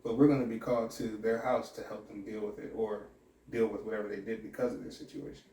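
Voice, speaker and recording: A man's voice: fairly low pitch, little pitch movement, fast talker, dark tone, reverberant, recorded from a distance, slight background noise. A man who works as a sheriff's deputy and academy instructor, talking candidly and reflectively in a podcast interview with many restarts.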